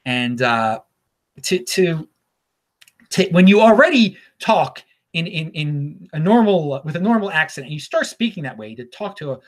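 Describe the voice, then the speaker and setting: A man hosts his own talk show alone. He rambles and stammers, doubling his words and chuckling between thoughts. His voice rises and falls in a lively, animated way. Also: on the high side, normal speed. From Baltimore, USA. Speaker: show host. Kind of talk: casual solo commentary.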